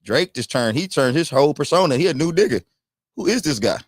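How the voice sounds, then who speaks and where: A man with a fairly high, lively voice trading blunt takes on a podcast. He hammers his points with repetition. The sound is dry and close to the mic. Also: brisk, no room sound. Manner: blunt, emphatic, repeats himself. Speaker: podcast co-host. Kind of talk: casual livestream chat.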